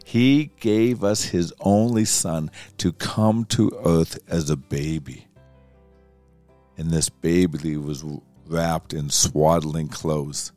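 A man delivers a sermon in a very low, deep voice. He tells his story unhurriedly, leaving pauses between phrases. Faint music sits quietly under his words. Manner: slow, deliberate storytelling with pauses.

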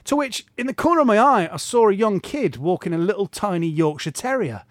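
Guy cohosting a podcast, kinda high voice, rambles thru a story, dry close mic. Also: expressive, fairly quick, no echo. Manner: chatty, rambling anecdotes with self-deprecating asides. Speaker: podcast co-host. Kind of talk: casual chat, storytelling.

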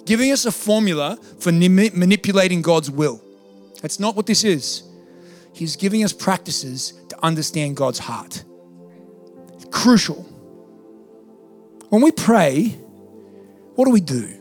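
A man's voice: high voice, expressive, measured pace, pauses often, a little mellow, soft background music. A male pastor preaching a sermon in a church, talking casually and then building to emphatic peaks.

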